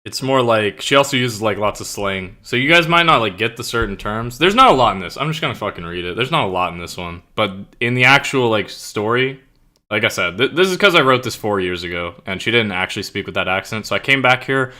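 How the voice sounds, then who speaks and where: Bright-voiced young man chatting casually. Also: fairly low pitch. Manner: rambling, swears a lot, searches for words. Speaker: streamer and writer. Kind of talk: casual chat with stream chat before a reading.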